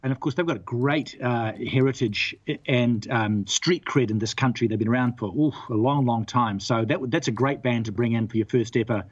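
Jovial man with a husky voice, dull sound. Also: medium pitch, normal speed, few pauses, no room sound. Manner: jovial, easygoing interviewer. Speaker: radio host. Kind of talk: casual radio chat.

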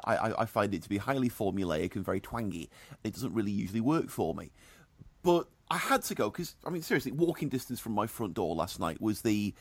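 Sardonic New man, lively voice. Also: fairly low pitch, dry recording. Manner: dry, sardonic, animated. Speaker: film and music reviewer. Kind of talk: casual radio chat.

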